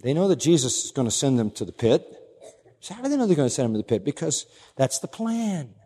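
Emphatic preacher in a reverberant hall. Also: male voice, big pitch swings, fast talker, warm tone, slightly rough. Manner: emphatic, swinging from low asides to raised declarations. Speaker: pastor. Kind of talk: expository sermon.

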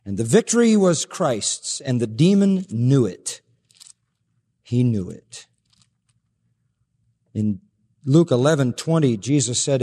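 Emphatic preacher with a lively voice. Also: male voice, slow pace, long pauses. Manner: emphatic, rhetorical questions, drops low for stress. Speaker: pastor. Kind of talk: sermon. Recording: preached in a hall with long reverb.

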